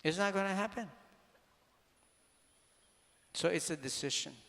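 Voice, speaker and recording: A man with a slightly high voice gives an animated motivational talk, throwing rhetorical questions at the crowd and now and then breaking into a shout. His voice rings out with a long reverb, as if he were in a large hall. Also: unhurried, gravelly. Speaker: speaker.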